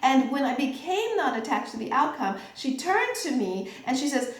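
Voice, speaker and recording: A middle-aged woman teaching a tarot class in a relaxed, chatty way, often checking in with her listeners. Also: high voice, moderate pace. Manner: chatty, checks in with "okay?" and "right?". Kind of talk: informal teaching talk. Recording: echoey room.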